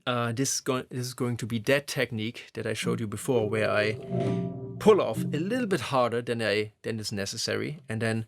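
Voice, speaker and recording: Man explaining guitar technique over loud guitar. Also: medium pitch, normal speed, gravelly. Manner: relaxed, explanatory, with restarts. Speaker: guitar teacher. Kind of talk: instructional explanation. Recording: loud guitar playing behind voice. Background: electric guitar playing.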